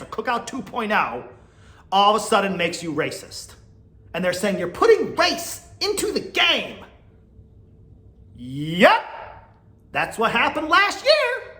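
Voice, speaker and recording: A podcast host delivers casual opinion commentary, blunt and exasperated, laughing often. His voice sits high and sounds pushed and bright, with noticeable reverb.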